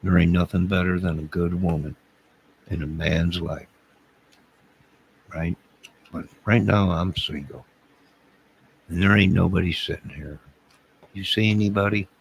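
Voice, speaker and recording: A man playing a gravelly, bumbling bad-boy wannabe. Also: sits low, fairly even intonation, unhurried, pauses often, exaggerated voice. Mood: rambling. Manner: rambling, stammering, swings between bragging and apologizing. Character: bumbling lonely single man, boastful and guilt-ridden. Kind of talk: comedic character monologue to camera.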